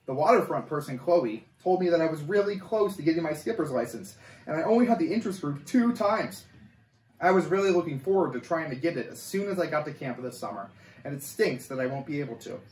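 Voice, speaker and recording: A man reading a chapter of a children's story aloud, with an animated, expressive delivery. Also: on the high side, fairly quick, recorded from a distance. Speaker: camp coordinator reading a story. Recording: echoey room, voice off-mic.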